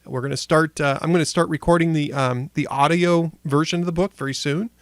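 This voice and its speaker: A man's voice: on the high side, fairly even intonation, fairly quick, no echo. A man with an Upper Midwestern accent hosting a casual political talk show, chatty and jokey, with frequent restarts. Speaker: podcast host.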